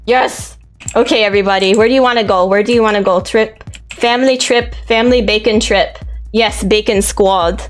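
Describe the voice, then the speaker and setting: A woman live-streaming a game, talking in an excited, playful and repetitive way to her chat. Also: mid-range voice, moderate pace, faint music behind.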